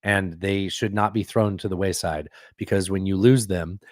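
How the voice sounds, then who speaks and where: A man's voice: low-pitched, steady tone, moderate pace, no room sound, clean studio sound. A man co-hosting a casual political podcast, talking sarcastically and slipping into mocking voices. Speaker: podcast co-host.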